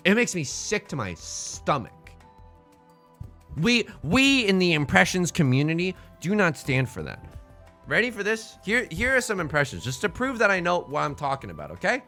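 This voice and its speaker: Male streamer, casual game commentary, playful, self-mocking, slightly high voice, lively pitch swings. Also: normal speed, faint music behind.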